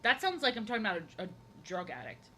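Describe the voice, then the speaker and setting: Chatty woman streamer with a bright voice. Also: a little high, sing-song, fast, slight background noise, low-quality recording. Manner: chatty and rambling, repeats phrases, playful. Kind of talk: casual chat while drawing on a live stream.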